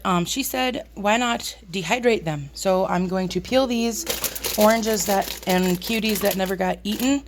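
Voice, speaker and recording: A chatty woman talks through her kitchen chores for a casual vlog, pitched a bit low for a woman, with a slightly squeaky edge. She pokes fun at herself as she works. Faint background noise sits under her voice. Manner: chatty, self-deprecating, talks while working. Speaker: homestead vlogger. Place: home kitchen.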